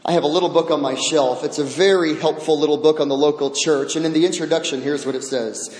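A man preaches in a church sanctuary, his high voice ringing with long reverb. He is earnest and emphatic, pressing his points in pleading, rising runs. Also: fairly even intonation, fast, darkish tone. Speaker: pastor. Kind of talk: sermon. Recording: roomy hall with long reverb.

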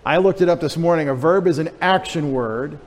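A man's voice: fairly high pitch, fairly quick, long reverb tail. A male pastor teaching a sermon in a casual, joking way, spelling out Greek words for the congregation. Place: church sanctuary.

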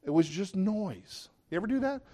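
A man's voice: high voice, expressive, moderate pace, warm tone. A middle-aged man preaching a sermon in a conversational way, often asking the listeners questions. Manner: conversational, asks the audience questions.

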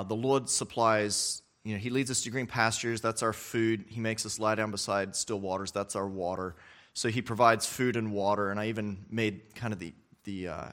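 A man preaching a sermon in a conversational way, often checking in with the listeners with quick questions and repeating words as he restarts his phrases. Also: mid-range voice, a bit bright. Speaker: pastor.

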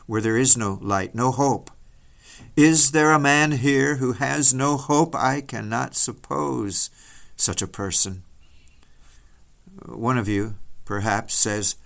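A man preaching a solemn, dramatic sermon, mostly slow and grave with sudden rises in force. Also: medium pitch, vocal fry, a bit bright. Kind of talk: sermon reading.

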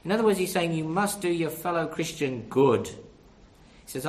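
A man's voice: on the high side, lively intonation, normal speed, reverberant. A man preaching a sermon, earnest and direct, asking his listeners rhetorical questions.

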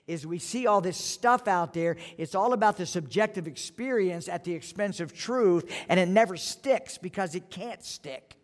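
Earnest preaching man in echoey hall. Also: sits high. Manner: earnest, emphatic preaching with repeated phrases. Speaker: pastor. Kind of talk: evening sermon. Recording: long reverb of a church hall.

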